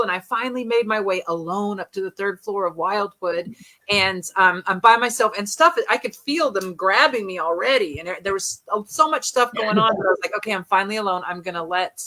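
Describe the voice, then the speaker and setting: A woman guest on a podcast, a paranormal investigator telling stories in candid, animated casual chat. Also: mid-range voice, fairly quick.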